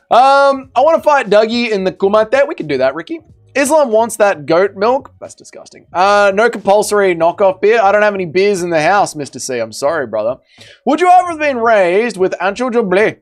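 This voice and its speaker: Streamer, male, blunt joker, slightly high voice, faint music underneath. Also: very animated, moderate pace. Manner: joking, blunt, swears, trails off quietly. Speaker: livestream host. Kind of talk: casual livestream chat, reading comments.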